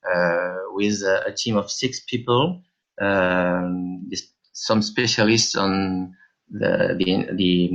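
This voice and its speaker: A middle-aged man from France with a French accent, answering interview questions in halting English and searching for words. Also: low-pitched, a bit bright, lo-fi sound. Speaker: guest, app developer.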